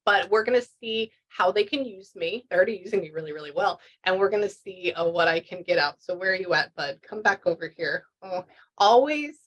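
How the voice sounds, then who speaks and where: A woman's voice: medium pitch, fairly quick, fairly bright tone. A woman doing a casual reading session as a pet medium, chatty and rambling, full of restarts and fillers.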